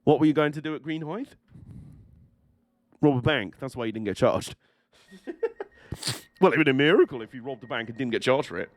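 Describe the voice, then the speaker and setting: A chatty young man who banters casually with his stream audience while playing. His voice sits at an ordinary middle pitch, and his humor is dry and sweary. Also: expressive, brisk, pauses often, no echo. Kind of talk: casual live-stream chat while gaming.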